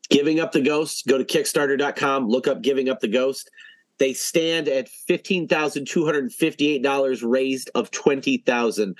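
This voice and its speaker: A man's voice: medium pitch, dry recording, low-quality recording. A man hosting a casual podcast interview, talking earnestly and repeating phrases for emphasis. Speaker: podcast host.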